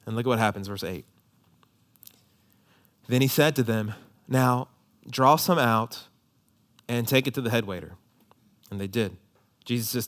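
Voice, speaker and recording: A man preaching a sermon to his congregation. He is emphatic, repeats key lines in a steady preaching rhythm, and slips in light, joking asides. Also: mid-range voice, measured pace, pauses often. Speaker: pastor.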